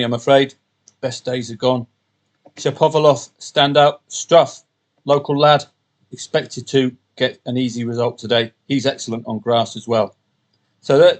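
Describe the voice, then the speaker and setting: A man hosting a solo podcast, talking through the day's matches in a casual, rambling way with jokey asides and quick self-corrections. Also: mid-range voice. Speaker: podcast host and betting tipster.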